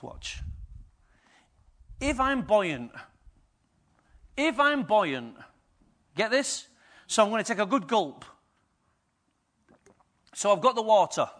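A man pastor preaching a sermon, firing rhetorical questions at the congregation and swinging between quiet and loud. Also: sits high.

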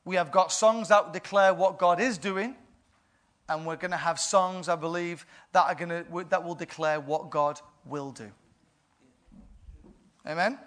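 A man preaching a sermon in a playful way, often laughing and building to loud bursts. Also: sits high, unhurried.

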